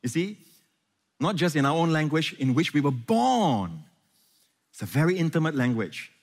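A man preaching a sermon as pastor, impassioned, swinging from loud questions to hushed, tender reassurance. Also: a little high, sing-song, moderate pace, long reverb tail.

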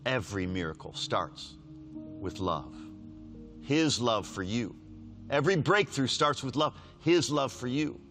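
A man preaching a sermon, reading scripture aloud with rising force and dropping to quiet, repeated appeals. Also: lively intonation, unhurried, faint music behind. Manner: swings from loud raised scripture reading to low hushed pleading; repeats lines for emphasis.

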